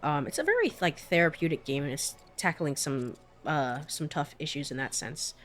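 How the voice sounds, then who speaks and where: A woman's voice: low-pitched, big pitch swings, normal speed, a little hiss or hum. Chatty woman streaming a game. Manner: chatty, laughs often, trails off. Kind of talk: casual let's-play commentary.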